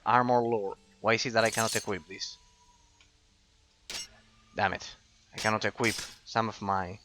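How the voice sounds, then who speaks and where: Slow, bright-voiced man narrating gameplay. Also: on the low side, a little hiss or hum. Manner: thinks aloud, swears casually, trails off into fillers. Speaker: gameplay commentator. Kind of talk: casual let's-play commentary.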